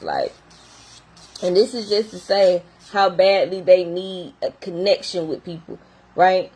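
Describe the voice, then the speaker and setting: A woman's voice: fairly low pitch, sing-song, unhurried, a little mellow, husky, rough recording. A young adult woman who works in behavior therapy, talking casually and animatedly straight to her viewers. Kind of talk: casual talk to camera.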